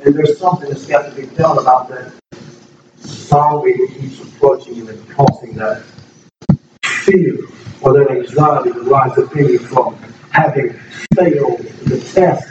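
A man's voice: mid-range voice, a little slow. A middle-aged man giving an earnest, rambling testimony to a congregation, speaking emotionally with frequent restarts. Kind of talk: casual spoken testimony to a congregation. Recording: echoey room, distant mic, dull and noisy.

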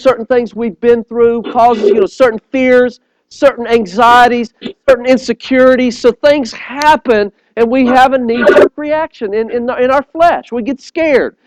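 A man's voice: extremely high pitch, no room sound, rough recording. A man, recorded close and dry. He tells stories with animation, doubles back over his words, and keeps asking his congregation if they are with him. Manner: animated storyteller, repeats words and phrases; earnest, appeals directly to listeners. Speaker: preacher. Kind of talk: sermon.

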